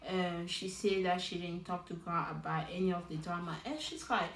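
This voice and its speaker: A woman giving a casual recap of a reality show, chatty and animated, often talking straight to the people on screen. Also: fairly low pitch, moderate pace, reverberant, slight background noise, rough recording. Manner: chatty and animated, talks straight to the show's cast.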